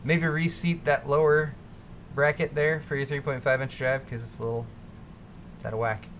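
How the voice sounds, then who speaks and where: A man's voice: mid-range voice, flat delivery, moderate pace, a bit bright, a little hiss or hum. Man hosting a casual tech chat. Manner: thinks aloud, hedging, restarts. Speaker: host.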